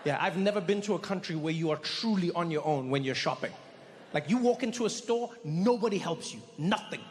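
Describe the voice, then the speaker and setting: High-voiced comedian on a big stage. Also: male voice, fairly quick. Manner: animated, stammering restarts for effect. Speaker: stand-up comedian. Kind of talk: stand-up storytelling. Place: large performance hall. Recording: live hall reverb, faint noise.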